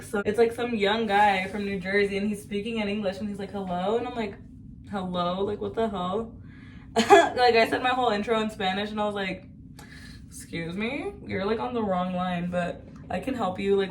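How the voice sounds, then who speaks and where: A young woman in her twenties talks on and on in a loose, chatty way, full of slang and swearing. Her voice sits at an ordinary middle pitch and is picked up from a little way off the mic. A faint hiss of background noise runs underneath. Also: distant mic. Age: 20s. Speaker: vlogger. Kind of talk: rambling casual monologue. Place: at home while cutting her hair.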